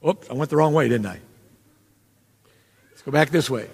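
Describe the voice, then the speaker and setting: A man's voice: medium pitch, moderate pace, gravelly, husky. A man preaching a sermon in a conversational way, with asides and quoted dialogue. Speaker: pastor. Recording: long hall reverb.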